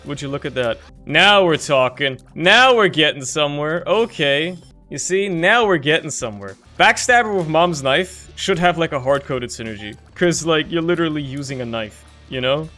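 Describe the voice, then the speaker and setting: A man giving casual commentary on his own gameplay, swinging between low grumbling and loud frustrated outbursts.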